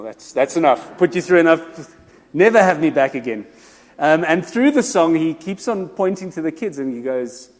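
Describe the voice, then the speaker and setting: A man preaching a sermon, with expressive rhetorical repetition and some self-deprecating humor. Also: a little high, moderate pace. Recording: long reverb of a large room.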